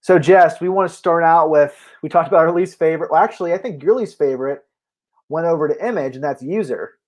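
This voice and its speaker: A chatty man with a voice pitched a little above the usual, co-hosting a relaxed comic book talk show. He laughs easily and often restarts a sentence before finishing his thought. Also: quick pace. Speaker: podcast co-host. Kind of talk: casual comic book chat.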